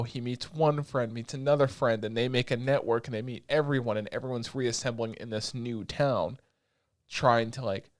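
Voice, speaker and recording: A young man on a podcast, chatting casually as he recaps an anime. He rambles and gets excitable, swears freely and leans on filler words. His voice sits at an ordinary pitch, and the recording is dry and close. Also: no echo. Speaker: podcast co-host.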